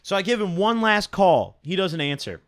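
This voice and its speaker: A man's voice: high voice, big pitch swings, moderate pace, a bit bright, no room sound, clean studio sound. A young man casually telling a rambling, profane story from his own life and tagging his sentences with "right?". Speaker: storytime vlogger.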